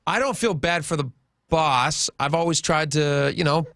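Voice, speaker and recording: A man's voice: fairly high pitch, fairly bright tone, dry recording, studio quality. A man co-hosting a radio talk show in an easygoing, reflective way. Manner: easygoing, reflective, quick to laugh. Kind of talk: casual radio banter.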